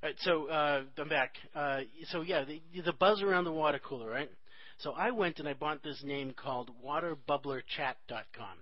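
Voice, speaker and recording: A man's voice: a little high, dry recording, highs cut off. A man, hosting a casual chat and cracking jokes. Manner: joking, chatty, quick asides.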